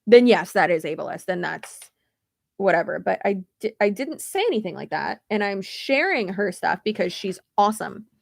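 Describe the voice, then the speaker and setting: Young woman ranting on a livestream, lots of vocal fry, swears a lot, dry close sound. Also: medium pitch, animated, moderate pace, no room sound. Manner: blunt, swears freely, loose and rambling. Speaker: YouTube creator. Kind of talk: casual livestream rant.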